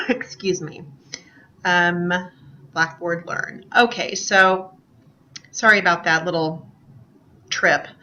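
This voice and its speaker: A woman with a bright, somewhat low voice gives a recorded English lecture from her computer. She talks in a loose, chatty way, filling pauses with ums and apologizing to her students as she goes. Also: dull audio. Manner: chatty, self-deprecating, many ums. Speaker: English teacher.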